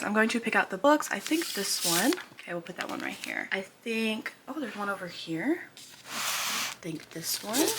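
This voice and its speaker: A bubbly young woman chats casually about her books, her voice bright and clear at an ordinary pitch. She rambles and cuts herself off, over a faint hiss behind her. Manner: rambling, bubbly, self-interrupting. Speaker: book vlogger. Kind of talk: casual chat. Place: bedroom with bookshelves.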